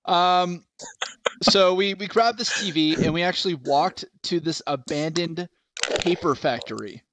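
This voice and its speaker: A man's voice: high-pitched, unhurried, background noise. Rambling young man hosting a chat. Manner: nervous, rambling storyteller. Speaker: host. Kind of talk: casual chat.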